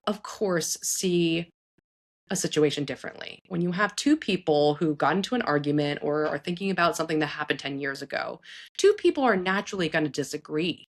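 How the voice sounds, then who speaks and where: A woman psychologist talks parents through hard situations in an earnest, chatty way. Her voice sits a little low, and she keeps checking in with listeners as she goes. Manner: earnest, conversational, frequent "like" and "right?"; acts out quoted speech in shifted voices. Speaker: psychologist host. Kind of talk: advice talk to parents.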